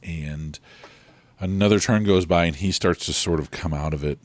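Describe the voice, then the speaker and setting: A man narrating a tabletop role-playing game as game master, describing scenes in a relaxed, loose way with many fillers. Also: sits low, moderate pace, no echo.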